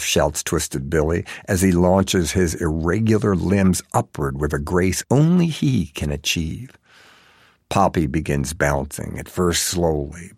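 A man narrating a comic story in a wry, measured storytelling manner. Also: low voice, gravelly, a little mellow, slightly rough, no echo, clean studio sound. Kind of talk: scripted narration.

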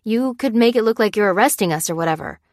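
A woman's voice: mid-range voice, expressive, quick pace, a little mellow, no room sound, clean studio sound, natural voice. A woman reading the lines of a frightened woman worker who pleads worriedly. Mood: anxious.

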